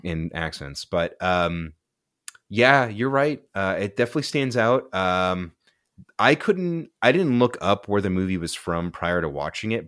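A man's voice: low-pitched, fairly bright tone, dry recording, clean studio sound. A young man co-hosting a casual movie-review podcast, laid-back and rambling, full of "dude" and "like". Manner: laid-back, tangent-prone, says "dude" and "like" often. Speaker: podcast co-host.

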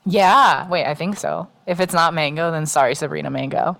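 A woman's voice: low voice, normal speed, vocal fry, a bit bright. Young woman on a chatty podcast, blunt, swears a lot, laughs, does little voices for quotes. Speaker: podcast co-host. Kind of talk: casual chat.

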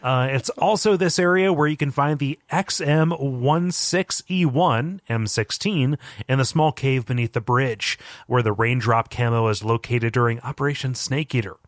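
A man's voice: medium pitch, moderate pace, no echo, clean studio sound. A man co-hosting a casual podcast, reading a listener's email aloud and laughing often, tired after a long day of recording.

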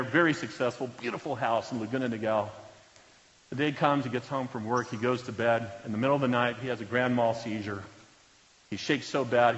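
A pastor preaches in earnest, telling stories to his congregation and letting his voice fall to a near hush at solemn moments. His words ring out with a long reverb through a large church hall. The recording is muffled and lo-fi. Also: medium pitch. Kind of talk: sermon storytelling. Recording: reverberant hall, dull lo-fi sound.

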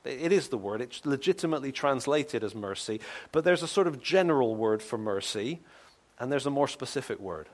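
Earnest preacher, casual and hushed. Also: male voice, mid-range voice, lively intonation, brisk. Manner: earnest, drops to soft hushed tones when voicing a penitent's prayer; casual, repeats words as he thinks aloud. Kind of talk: conversational sermon.

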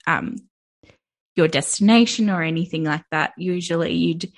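A woman co-hosting a podcast in casual chat, animated and giggly, with many fillers. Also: lowish voice, moderate pace. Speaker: podcast co-host.

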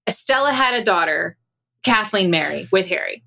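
A woman hosting a comedy podcast, casually recapping a story with laughs and animated retelling. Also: medium pitch, moderate pace, creaky. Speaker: podcast host.

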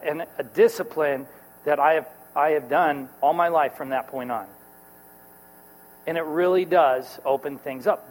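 Man, high voice, sermon storytelling, acts out quotes, long hall reverb, mains hum. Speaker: pastor.

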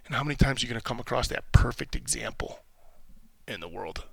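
A man's voice: mid-range voice, expressive, quick pace, gravelly, fairly bright tone, husky, dry recording. A man hosting a podcast, a military veteran, talking in a rambling, candid, reflective way and cursing casually. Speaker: podcast host.

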